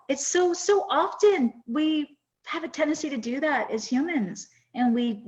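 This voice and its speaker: A woman in her fifties hosting a podcast, telling a personal story in an earnest, reflective and emotional way. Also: high voice. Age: 50s. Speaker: podcast host. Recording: dull lo-fi sound.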